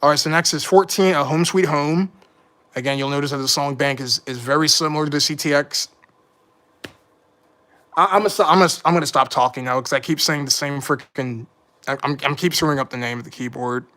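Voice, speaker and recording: A man's voice: a little high, fairly quick, sharp tone. A man hosting a casual livestream, rambling along and correcting his own slips. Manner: rambling, self-correcting, mild frustration. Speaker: livestream host. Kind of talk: casual live commentary.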